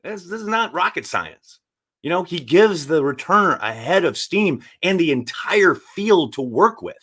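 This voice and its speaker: A man hosting a casual live stream, reading viewer chat and giving blunt, animated takes with the odd swear. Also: on the high side, unhurried, husky. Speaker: sports show host reading viewer chat.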